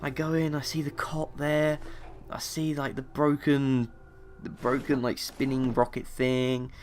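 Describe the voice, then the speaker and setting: A young man, telling a gaming story in an excitable, animated way. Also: medium pitch, measured pace, a little hiss or hum. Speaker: gaming youtuber. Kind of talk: casual gaming vlog.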